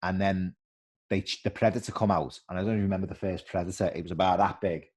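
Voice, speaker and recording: Man, middle-aged, low voice, lively anecdotes, casual interview. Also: fast. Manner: animated storyteller acting out quoted voices. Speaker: former footballer guest.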